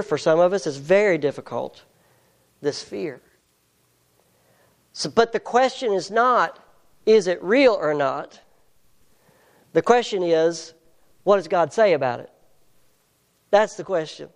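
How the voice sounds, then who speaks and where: An earnest preacher delivering a sermon at an unhurried, deliberate pace. Scripture passages are read slowly with weight on each phrase, and the talk stays emphatic and direct. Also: mid-range voice, lively intonation.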